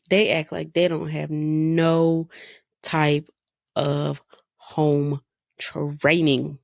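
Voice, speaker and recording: A woman's voice: low voice, creaky, a little mellow, dry recording, studio quality. A woman in her thirties hosting a podcast, telling stories in a casual, exasperated way and firing off rhetorical questions. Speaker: podcast host. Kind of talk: casual monologue.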